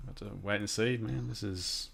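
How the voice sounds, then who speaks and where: Deep-voiced, laid-back man chatting. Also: steady tone, normal speed, creaky, background noise. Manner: laid-back, chatty, trails off mid-sentence. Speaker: trading stream host. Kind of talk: casual live-stream chat.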